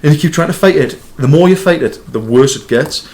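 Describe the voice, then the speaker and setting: A man co-hosting a casual podcast chat, telling animated stories with lots of swearing and laughter. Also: fairly high pitch, brisk. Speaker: podcast co-host.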